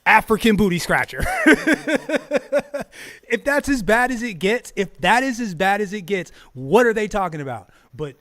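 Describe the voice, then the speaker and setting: High-voiced man ranting with laughs. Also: unhurried. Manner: animated, laughing, stammering repeats, heated. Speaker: podcast host. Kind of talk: casual profane streamed talk.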